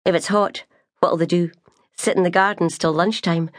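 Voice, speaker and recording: A woman's voice: fairly low pitch, fairly even intonation, normal speed, dry recording, studio quality, lightly acted. A woman voicing a wistful young maid. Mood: teasing. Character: young female maid, thoughtful and restless.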